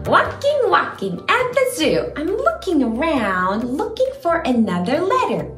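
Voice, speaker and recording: With huge pitch swings, a high, fairly bright voice and a slightly slow pace, a young woman hosts a playful, exaggerated, sing-song children's learning video. Faint music sounds in the echoey room where she records.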